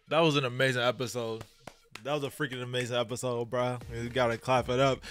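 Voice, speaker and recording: A man hosting a reaction video, talking heartfelt and slang-heavy, swinging from quiet reflection to loud exclamations. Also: medium pitch, steady tone, brisk, clean tone. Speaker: reaction channel host. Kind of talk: reacting to an anime.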